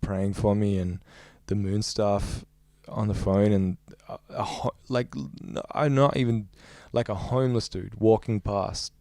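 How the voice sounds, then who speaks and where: A man's voice: on the low side, steady tone, a little slow, few pauses, a little mellow, no echo. A man, a young adult musician, recounting a story in a casual interview with a rambling, filler-heavy way of talking. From Australia. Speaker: musician guest.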